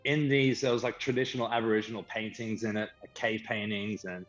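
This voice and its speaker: An Australian man, a band member guest, telling a story with lively enthusiasm. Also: lowish voice, fairly quick. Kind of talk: casual storytelling. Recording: slightly dull stream audio with faint music.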